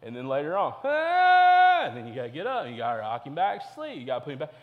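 A man's voice: mid-range voice, big pitch swings, racing, in a large hall, phone-quality sound. A young man preaching a sermon to teenagers as a youth pastor, earnest and repetitive. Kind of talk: sermon to teens.

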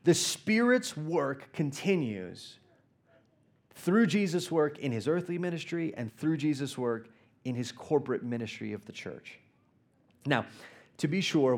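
An earnest male preacher delivering a sermon in a voice of middle pitch. He tells stories with energy and slows down for soft, quiet prayer. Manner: earnest, storytelling, pauses and prays softly. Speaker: guest preacher.

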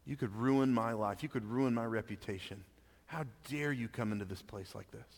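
A man's voice: mid-range voice, moderate pace, in a large hall, pitched below the performer's own voice, lightly acted. A man acting out an indignant older landowner who scolds an intruder, within his sermon. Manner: scolding, affronted.

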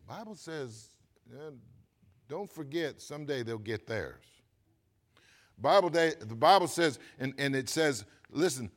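A pastor preaching a sermon, swinging from quiet asides to loud, emphatic lines. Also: male voice, medium pitch, lively intonation, measured pace.

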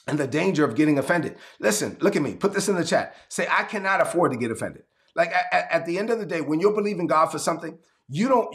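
A man's voice: high-pitched, gravelly, a bit bright. A man from Brooklyn preaching an emphatic, conversational livestreamed sermon. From Brooklyn, New York.

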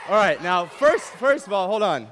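A young man gives a youth camp sermon, playful and animated, joking with the crowd as he goes. His voice sits high for a man. A long reverb from the large hall trails behind each phrase. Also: normal speed, slight background noise. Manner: playful, animated, uses props and jokes with the crowd. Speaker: camp speaker. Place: large hall with a live audience.

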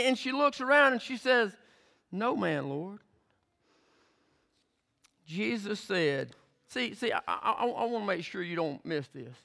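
A man's voice: very high-pitched, vocal fry, sharp tone. A male pastor preaching a sermon, emphatic, repeating words as he builds his points and retelling scripture scenes vividly.

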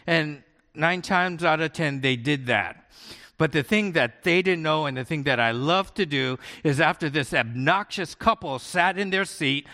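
A male pastor delivers a sermon in a relaxed, story-driven way, often checking in with his listeners. His voice sits a little high for a man. It rings with the long reverb of a large hall or church.

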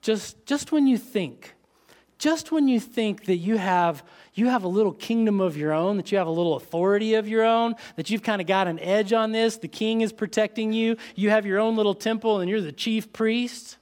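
A man preaching a sermon, expressive, dropping to soft, intent tones when he quotes scripture. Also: sits high, moderate pace.

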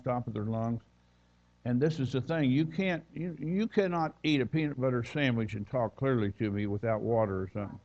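A man's voice: medium pitch, a little mellow, lo-fi sound. A man preaching a sermon as a visiting minister, folksy and conversational with plenty of asides. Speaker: guest preacher. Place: church.

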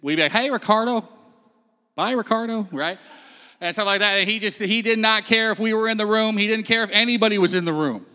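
A man's voice: sits high, fast, sharp tone, clear, resonant tone. A man telling a Bible story on stage in a casual, storytelling way, acting out the quotes. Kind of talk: sermon-style talk. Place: stage in a large hall. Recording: long hall reverb.

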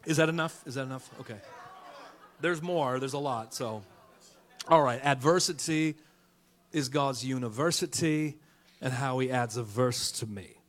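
A middle-aged male pastor preaching a lively sermon in a church, calling out to the congregation and rhyming. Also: medium pitch, normal speed, long pauses. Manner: fired-up preaching with call-and-response and rhymes. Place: church sanctuary.

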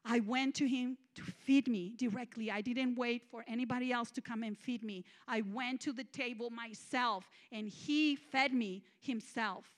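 A woman minister with a high voice delivers a testimonial sermon. She is emphatic and confessional, swinging between loud declarations and hushed, tender moments. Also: moderate pace, few pauses. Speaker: guest minister.

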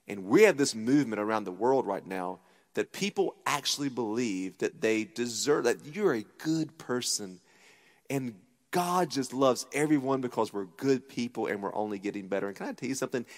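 A man in his thirties preaching a sermon from a church stage, emphatic, repeating his key points and checking in with the crowd. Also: medium pitch. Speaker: pastor. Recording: long hall reverb.

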